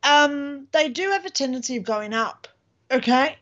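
High-pitched aussie woman, 50s, chatty and animated, kinda muffled lo-fi audio. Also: moderate pace. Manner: chatty, animated, lots of fillers. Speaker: co-host. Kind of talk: casual chat.

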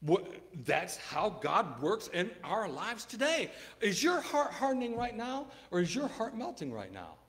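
A man's voice: high voice, fairly bright tone. A man, a preacher in a formal debate, arguing insistently, repeating key words and reading Bible verses aloud in old-fashioned wording. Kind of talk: debate rebuttal with scripture reading.

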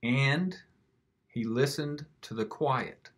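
A man gently reading a picture book aloud to children, with an expressive storytelling manner. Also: mid-range voice, takes it slowly.

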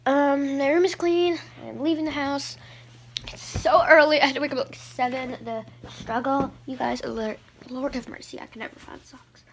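Chatty high-voiced young woman vlogging. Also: fairly even intonation, normal speed, a little hiss or hum. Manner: chatty, scattered, says she is tired. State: hiccups. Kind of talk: casual vlog chat to camera.

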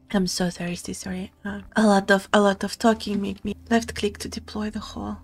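A woman streamer giving soft-spoken, playful commentary over a puzzle game, reading game text aloud and giggling along. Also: mid-range voice, little pitch movement, brisk, gravelly, few pauses, slightly rough. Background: faint game music.

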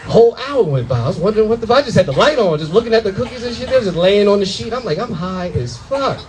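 High-voiced animated stand-up comic. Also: male voice, rapid-fire, crowd noise, poor audio. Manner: loud, animated storytelling with profanity and acted-out voices. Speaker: stand-up comedian. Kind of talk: stand-up comedy set. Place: comedy club.

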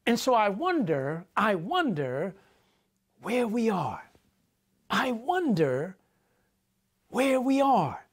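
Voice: mid-range voice, very animated, takes it slowly, pauses often. A preacher giving a sermon, repeating key phrases for emphasis and speaking directly to the congregation.

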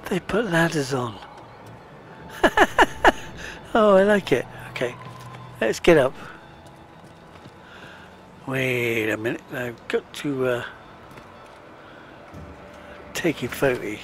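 Casting: British man, unhurried gamer commentary, chuckly and self-muttering, faint game sounds behind. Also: medium pitch, a little hiss or hum. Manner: chatty, chuckling, mutters to himself. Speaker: let's play gamer. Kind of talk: casual gameplay commentary.

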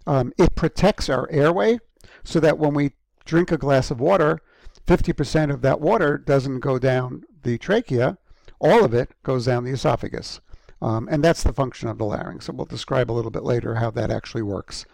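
A man giving a recorded university lecture, halting with frequent ums and restarts and clearing an irritated throat often. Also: medium pitch, a little mellow, no room sound. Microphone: close microphone.

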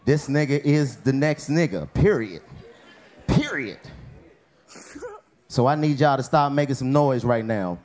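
A man's voice: mid-range voice, lively intonation, measured pace, pauses often, darkish tone. A man, a stand-up comedian on a club stage, hyping the crowd and introducing the next act. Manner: hype-man, addresses the crowd directly.

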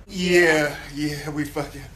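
A man's voice: on the high side, steady tone, slow, reverberant, over loud music. A man in a comedy sketch, brash and crude.

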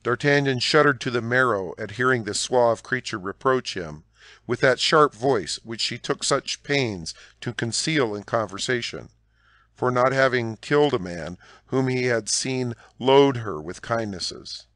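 A man narrating an audiobook in a measured, expressive reading. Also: medium pitch, no room sound, clean studio sound.

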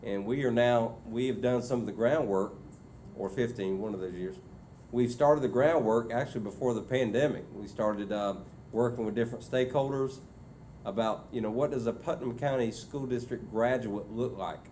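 Superintendent type, man, mid-pitched, loose conversational delivery, faint background noise. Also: normal speed, warm tone. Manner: conversational, many fillers and restarts. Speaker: school superintendent. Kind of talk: formal meeting report. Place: meeting room.

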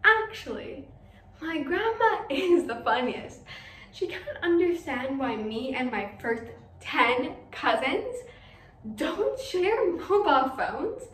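Brief: teen actress as a chatty teenage girl, high bright voice, stage monologue, distant mic in a roomy hall with faint ambient noise. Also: sing-song, slow pace, exaggerated voice. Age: teens. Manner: giggly, gossipy storytelling. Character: chatty teenage girl amused by her family. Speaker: student actor. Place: school stage.

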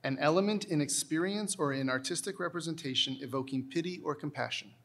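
A man acting as a spelling bee pronouncer, reading out words and their definitions with careful, measured enunciation. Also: on the high side, fairly bright tone.

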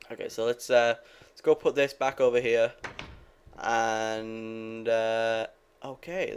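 A man's voice: mid-range voice, slight background noise. Young man rambling over gameplay. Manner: rambling, swears casually, talks to viewers. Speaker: gaming video creator. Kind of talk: casual gameplay commentary.

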